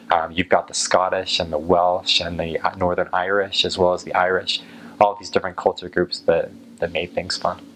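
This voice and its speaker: American male vlogger, deep and even delivery, casual musing chat, faint ambient hiss. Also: rough recording. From United States. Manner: unhurried, musing, with frequent ums. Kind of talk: casual talk to camera.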